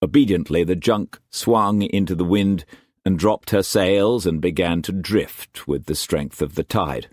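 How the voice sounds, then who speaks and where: A man narrating an audiobook in a measured, expressive storytelling manner. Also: sits low, no room sound, studio quality. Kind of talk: scripted narration.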